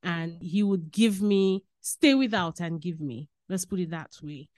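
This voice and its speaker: A woman from Saint Lucia with a Saint Lucian accent, a podcast guest telling stories in animated, casual chat and slipping into Caribbean phrasing. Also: fairly low pitch, unhurried, dry recording, clean studio sound.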